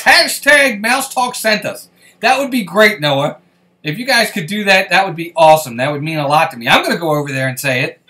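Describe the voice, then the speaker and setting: Reading out comments on his laid-back stream, a man says hello to viewers by name. His voice is a little high with a fairly bright tone, and he comes across as friendly and reassuring.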